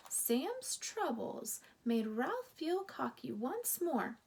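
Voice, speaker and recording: A woman reading a children's book aloud in a relaxed storytime manner, with playful asides to listeners. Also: high-pitched, extremely slow, creaky, few pauses. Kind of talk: casual read-aloud storytime.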